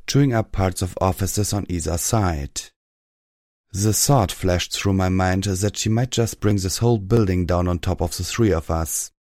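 A man narrating a first-person fan fiction story in a steady, dramatic reading voice. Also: sits low, no room sound, clean studio sound. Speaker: audiobook narrator.

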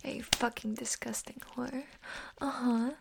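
A woman's voice: fairly high pitch, steady tone, gravelly, very noisy. A woman playing a scornful, domineering young woman in a whispered role-play, harsh and mocking. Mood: taunting. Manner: harsh, mocking, profane, slow taunting.

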